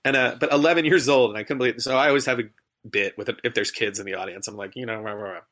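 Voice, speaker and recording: A man with a bright, forceful voice tells an anecdote from the stage in a podcast interview. He talks animatedly and acts out the voices of the people in his story. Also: medium pitch, rapid-fire. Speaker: guest, stage performer and MC.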